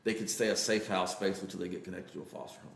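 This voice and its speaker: A Texan man talks in a low, gravelly voice, earnest and halting, with plenty of fillers. The room behind him is echoey and a little hollow. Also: flat delivery. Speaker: interview guest. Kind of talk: casual storytelling interview.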